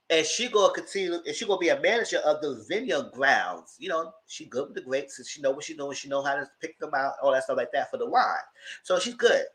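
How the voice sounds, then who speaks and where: Animated man with a bright lively voice. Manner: animated storytelling, acting out quotes with big pitch jumps. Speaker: TV recap commentator. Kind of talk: casual recap chat.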